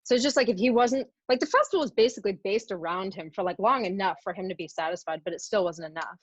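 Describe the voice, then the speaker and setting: A woman's voice: mid-range voice, quick pace, dry recording. Woman, casual chatty storytelling, lots of fillers, dry dull recording. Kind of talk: casual chat.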